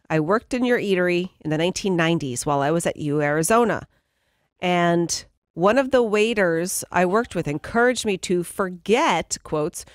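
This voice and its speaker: A woman's voice: on the low side, no echo, studio quality. A woman reading offbeat news stories on a morning radio show in an upbeat way. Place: radio studio. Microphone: studio mic.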